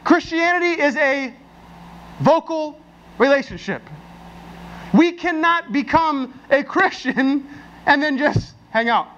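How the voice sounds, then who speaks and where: A man preaching a sermon as pastor, talking in a casual, animated way full of restarts and stories. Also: very high-pitched, slow, pauses often, lo-fi sound, slight background noise. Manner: conversational and animated, with frequent restarts and anecdotes.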